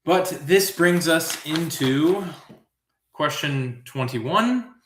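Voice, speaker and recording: A man's voice: a little high, animated, extremely slow, a bit bright, echoey room, a little hiss or hum. A man hosting live trivia, riffing in a goofy, self-amused way and wandering off on tangents. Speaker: trivia host. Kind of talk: rambling live trivia commentary.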